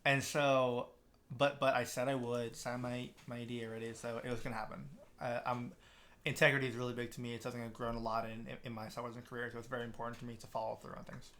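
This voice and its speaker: Speaking fast in a flat, medium-pitched voice with a fairly bright tone, a young podcast guest tells a lengthy story in casual chat. He rambles, restarts a lot, and acts out other people's words.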